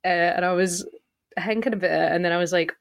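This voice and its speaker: A woman's voice: on the low side, steady tone, a little fast, gravelly. A woman co-hosting a podcast, chatting casually, joking and laughing often. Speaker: podcast co-host. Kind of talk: casual chat.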